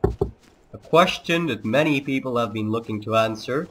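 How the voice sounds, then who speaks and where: A man hosting a let's play, talking over his gameplay in a put-on Serbian accent. He delivers his lines in a mock-solemn, declamatory way at an ordinary middle pitch, with a faint hiss under the voice. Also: expressive, moderate pace. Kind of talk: gameplay commentary.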